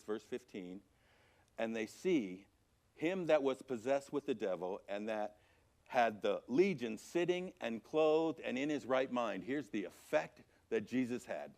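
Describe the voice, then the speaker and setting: A man teaching a church Sunday school class from scripture, animated, swinging from loud emphasis to quiet, low passages. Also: vocal fry. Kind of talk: Bible teaching. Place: church auditorium.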